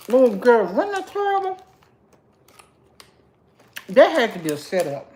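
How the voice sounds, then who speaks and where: Animated chatty woman livestreaming. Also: fairly high pitch, a little slow, pauses often, slight background noise. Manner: chatty, animated, greets viewers by name. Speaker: livestream host. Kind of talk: casual livestream chat with viewers.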